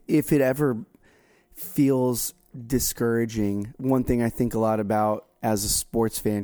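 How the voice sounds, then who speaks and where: Mellow-voiced guy, casual co-host, rambly, keeps restarting, jokes at himself. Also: on the low side. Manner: rambling, self-deprecating, many restarts. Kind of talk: casual conversational chat.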